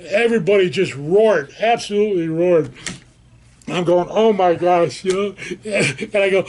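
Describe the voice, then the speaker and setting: An older man being interviewed about his time in the service, spinning a lively story. He acts out what everyone said, his voice sitting fairly high for a man. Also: a little slow. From United States. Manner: animated storyteller acting out quoted voices. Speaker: veteran interviewee. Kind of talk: telling a war-era anecdote.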